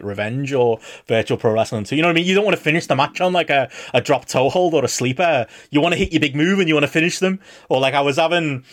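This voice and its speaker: A man co-hosting a casual podcast chat, animated and rambling, laughing often between points. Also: medium pitch. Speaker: podcast co-host.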